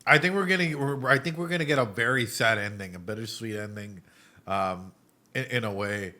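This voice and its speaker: Excitable, swearing man reacting on stream. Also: on the low side, fairly quick. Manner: excitable and emotional, swears often; thinks aloud with repeated restarts. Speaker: psychologist reacting to anime. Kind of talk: casual stream reaction commentary.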